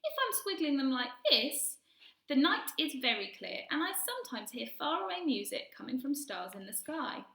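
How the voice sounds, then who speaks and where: A woman's voice: high-pitched, sing-song, moderate pace, gravelly, bright, forceful tone, reverberant, voice pushed up, heavily acted. A woman voicing a kindly male giant who mangles his grammar and invents words, reading a storybook aloud. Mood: wondering. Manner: jumbled grammar, twisty made-up words. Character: kindly big-eared male giant, gentle, earnest.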